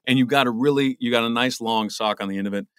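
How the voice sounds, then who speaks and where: A man's voice: medium pitch, quick pace, smooth, no echo, studio quality. A middle-aged man, a voice actor being interviewed, talking casually and rambling with lots of restarts. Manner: rambling, many restarts and repeated words. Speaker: voice actor guest.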